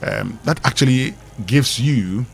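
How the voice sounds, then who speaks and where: A man's voice: medium pitch, slow, gravelly, slight background noise. A Ghanaian man co-hosting a morning radio show, explaining pronunciation in a teacherly way with fillers. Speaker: radio co-host. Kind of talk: casual radio chat and newspaper review. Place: radio studio.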